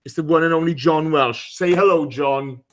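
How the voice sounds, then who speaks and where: A man hosting a live fan podcast, bantering and mocking his co-hosts with plenty of swearing. His voice sits a little high for a man. He talks loosely and casually into a home microphone. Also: normal speed. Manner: teasing, banter-heavy, swears freely. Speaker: podcast host.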